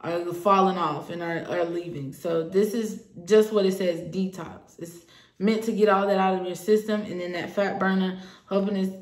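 A woman's voice: mid-range voice, fairly even intonation, moderate pace. Earnest woman vlogging in an echoey room. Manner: earnest, personal, hopeful. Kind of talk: casual talk to camera.

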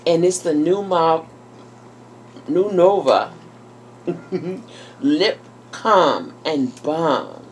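Gushing woman with a lively, swooping voice. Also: low-pitched, drawn-out words, long pauses, a little hiss or hum, poor audio. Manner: effusive and exclamatory, gushing with delight; talks to viewers as "y'all" and "girl". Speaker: YouTuber. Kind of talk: casual unboxing vlog.

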